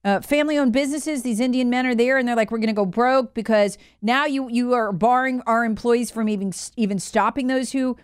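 A woman's voice: a little high, steady tone, brisk, hardly any pauses, smooth. A woman talk radio host delivering a heated, scornful monologue and mockingly imitating people. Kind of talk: opinionated talk show monologue.

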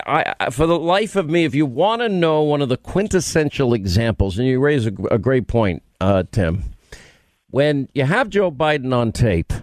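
A man's voice: mid-range voice, no room sound, clean studio sound. A man from New York hosting a talk radio call-in show, speaking emphatically. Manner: emphatic, rapid-fire opinions.

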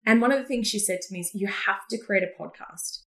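A woman's voice: mid-range voice, fairly quick. A woman with a Queensland Australian accent, a guest in an interview, telling stories with energy and frequent laughs. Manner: energetic storyteller who laughs often. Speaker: podcast guest, business coach. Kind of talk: casual interview chat.

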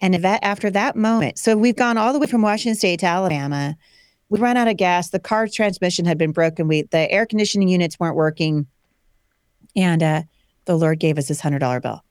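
A woman in her forties tells a personal story as a guest, animated and acting out the voices of people she quotes. Her voice sits low for a woman. The sound is dry and close. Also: brisk, clear, resonant tone, dry recording. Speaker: guest, homeschooling mother.

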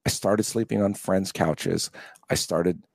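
A man in his fifties, a guest co-founder of a charity, telling his story in a lively, casual interview and laughing often. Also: sits low, unhurried, gravelly, no room sound, clean studio sound. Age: 50s. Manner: animated, acts out quoted voices, laughs often.

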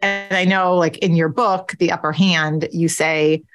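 Low-voiced woman hosting a podcast. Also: fairly even intonation, a little slow, hardly any pauses, soft background music. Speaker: podcast co-host. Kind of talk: interview questions.

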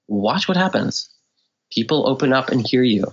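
Man explaining ideas with animated tone. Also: medium pitch, moderate pace, slightly rough, muffled recording. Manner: animated, acts out quoted speech with swings in tone. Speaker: guest expert. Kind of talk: conversational explanation.

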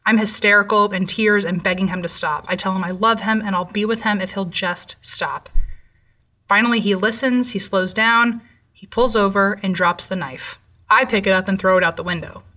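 A woman narrating a true horror story in a measured, somber way. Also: mid-range voice, fairly even intonation, sharp tone, far from the mic.

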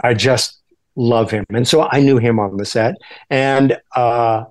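A man being interviewed as a guest actor, talking in a halting way with many restarts and fillers. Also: medium pitch, fairly even intonation. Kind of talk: casual interview chat.

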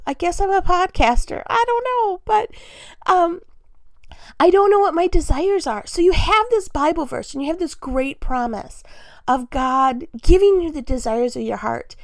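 A woman's voice: high voice, no room sound. A woman in her thirties hosting her own podcast, talking candidly and casually, often breaking into laughs. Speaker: podcast host. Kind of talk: casual solo podcast talk.

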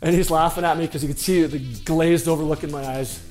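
A former hockey player telling a story in a casual, rambling way, with a self-deprecating tone and frequent fillers and restarts. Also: male voice, fairly high pitch, fairly even intonation, fast, darkish tone, faint music behind.

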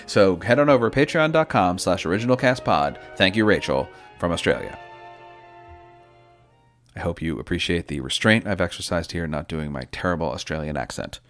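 A man's voice: a little fast, soft background music. A man hosting a podcast about cast albums, chatty and playful. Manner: chatty and playful, lively pitch. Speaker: podcast host. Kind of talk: casual podcast chat.

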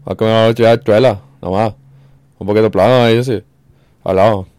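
A man doing a rapid impression of a Dominican man's Spanish, running his words together. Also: on the low side, steady tone, a little mellow, dry recording, lightly acted. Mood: loud, breezy. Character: fast-talking Dominican man, loud and breezy.

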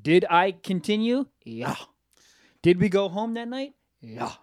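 A young man, telling crude, animated stories in a casual podcast chat. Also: high voice, a little slow, no room sound, clean studio sound. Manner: profane, animated storytelling with impressions. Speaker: podcast co-host.

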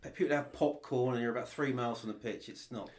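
A man's voice: mid-range voice, steady tone, quick pace. A middle-aged man, a podcast guest, talking in a blunt, wry way in casual chat.

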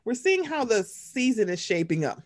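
Woman co-host, casual recap chat, fairly high voice, very lively swoops, acts out quotes. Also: moderate pace. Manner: animated, acts out quoted voices with big pitch jumps. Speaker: podcast co-host.

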